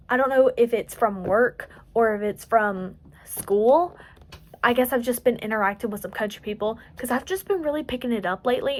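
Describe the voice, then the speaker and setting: An eighteen-year-old woman with a light Southern US country accent, rambling and joking through a casual late-night crochet vlog at home. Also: fairly high pitch. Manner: rambling, chatty, self-joking. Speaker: crochet vlogger.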